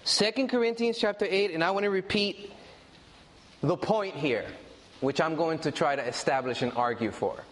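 A man's voice: fairly high pitch, normal speed, in a large hall, a little hiss or hum. A man preaching a sermon in a conversational way, repeating and stressing his points to the congregation.

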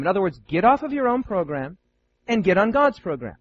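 A man preaching a sermon to Bible students, animated and playful, with many rhetorical questions. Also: sits high, fairly quick, muffled recording.

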